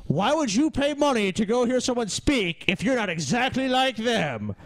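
Man, high voice, swings wildly in pitch, profane sarcastic ranting, dry close sound. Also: sing-song, moderate pace, dry recording, poor audio. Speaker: podcast co-host. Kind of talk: heated casual commentary.

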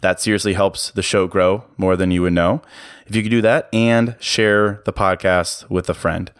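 A man's voice: sits low, fairly even intonation, normal speed, clear, resonant tone, no room sound, clean studio sound. A young man hosting a podcast, talking in an earnest, friendly, casual motivational way with slang and restarts. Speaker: podcast host.

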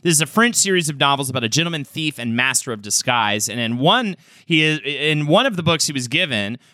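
Animated, bright-voiced man co-hosting. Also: a little high, brisk, no echo. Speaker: podcast co-host. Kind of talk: casual chat about game history.

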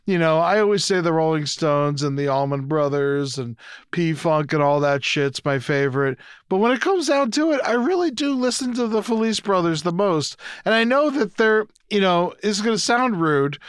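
A man's voice: sits high, fairly bright tone, smooth, no room sound, studio quality. A young man co-hosting a podcast in casual chat, rambling and swearing freely. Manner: rambling, profane, laughs at own jokes. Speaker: podcast co-host.

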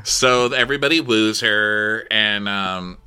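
A man's voice: fairly low pitch, slow pace, sharp tone, smooth. A man co-hosting a casual comedic recap chat, jumping into mocking voices when he quotes people. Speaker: podcast co-host recapping a reality show.

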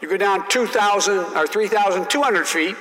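A man's voice: high-pitched, moderate pace, a bit bright, roomy sound, in a large hall, voice pushed up. A man impersonating a folksy, sly old Southern senator with a Louisiana accent, stammering and saying "Earl" for oil. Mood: folksy, emphatic.

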